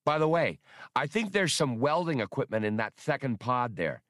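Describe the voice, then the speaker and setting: A man voicing a fussy, anxious male skip tracer with a high, squawking voice in a storybook reading. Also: very animated, moderate pace, fairly bright tone, no echo, clean studio sound. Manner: shrill, squawking.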